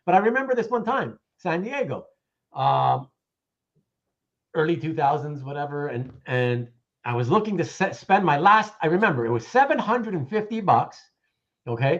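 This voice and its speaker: Guy hosting a chat show, telling a story all animated, voice jumps up and down a lot, kinda high, dull lo-fi audio. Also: normal speed. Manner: animated storyteller, acts out both sides of a conversation. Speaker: show host. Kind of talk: casual chat, anecdote telling. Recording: dull lo-fi sound.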